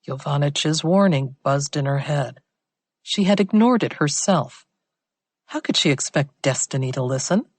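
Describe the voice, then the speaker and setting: A woman narrating an audiobook thriller in a measured, even reading. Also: low voice, husky, no echo.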